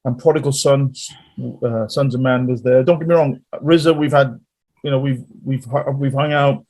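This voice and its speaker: Male guest musician, rambling storyteller, mid-pitched voice. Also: steady tone, normal speed, darkish tone. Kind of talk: casual interview chat.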